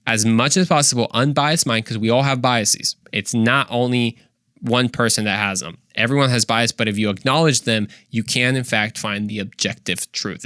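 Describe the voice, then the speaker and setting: Christian podcast guy, earnest and chatty, middle pitch, dry close sound. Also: pushed and bright, dry recording. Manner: earnest, conversational, with rhetorical questions. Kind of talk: casual solo podcast monologue.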